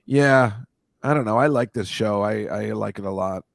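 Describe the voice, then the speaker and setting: A man's voice: fairly low pitch, moderate pace, vocal fry, no echo. A man hosting a casual chat, rambling and swearing as he riffs through photos. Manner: rambling, profane, riffing on photos. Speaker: host.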